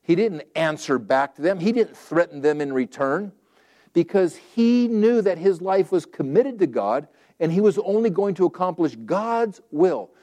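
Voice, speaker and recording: A man's voice: sits high, animated, unhurried, dark tone. A man preaching a sermon in a conversational, folksy way, acting out quotes and repeating phrases for emphasis. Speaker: pastor.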